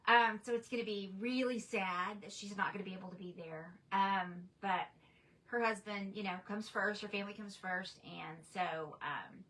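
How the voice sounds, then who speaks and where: A woman's voice: mid-range voice, fairly even intonation, moderate pace, fairly bright tone, distant mic, rough recording. A woman hosting a crafting livestream, chatting casually and reading viewer comments aloud in a rambling way. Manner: chatty, rambling, with frequent restarts and fillers.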